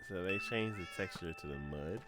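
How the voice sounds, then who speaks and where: Man, deep voice, animated delivery, casual gaming chat, loud music underneath. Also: moderate pace. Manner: animated, acts out his own reactions. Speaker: streamer.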